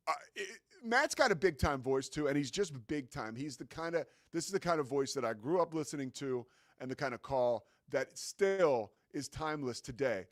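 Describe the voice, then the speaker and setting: Male sports show host, casual and excitable, fillers galore, dry booth sound. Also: a little high, normal speed, hardly any pauses, no echo. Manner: enthusiastic, conversational, many fillers.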